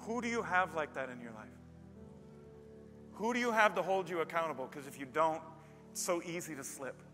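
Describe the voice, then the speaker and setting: A male pastor preaching a sermon in a church, telling stories emphatically and building to loud peaks. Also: fairly high pitch, expressive, moderate pace. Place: church with a live band. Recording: long reverb of a large hall. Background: faint band music.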